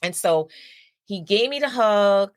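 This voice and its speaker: A woman's voice: mid-range voice, animated, unhurried, no room sound. A middle-aged woman, a counselor and host, telling a personal story in a chatty, casual way with lots of asides.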